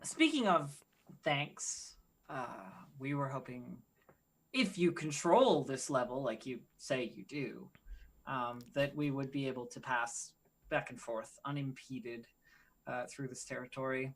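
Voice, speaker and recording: A woman with a very low voice plays her character at a tabletop game. She speaks politely and calmly in character. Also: measured pace. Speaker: player. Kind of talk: tabletop role-play.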